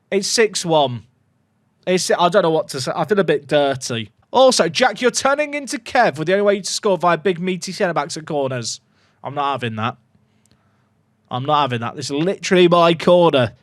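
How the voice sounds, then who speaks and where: A man narrates his football game with big swings in pitch, jumping from low mutters up to loud cheers. His voice sits high and lively. The sound is close and dry, with no room around it. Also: dry recording. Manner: excitable, jokey, reacts loudly to goals. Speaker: gaming YouTuber. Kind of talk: excited game commentary.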